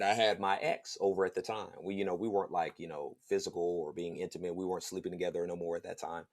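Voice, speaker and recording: Man host, casual slangy storyteller, very lively intonation. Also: mid-range voice. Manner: animated, slangy, laughs while telling stories. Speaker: podcast host.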